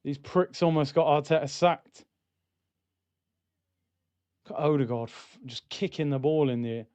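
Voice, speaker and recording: Excitable man reacting to football. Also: fairly high pitch, measured pace, clear, resonant tone, no room sound. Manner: excitable, shouts at goals, then grumbles and reads comments. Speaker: football watchalong streamer. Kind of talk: live match reaction with chat reading.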